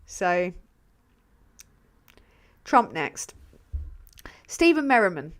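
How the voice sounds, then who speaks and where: A woman's voice: fairly low pitch, sing-song, drawn-out words. English woman rambling on a livestream. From England. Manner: swears freely, rambling, laughs often. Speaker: channel host reading live chat. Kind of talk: casual livestream chat.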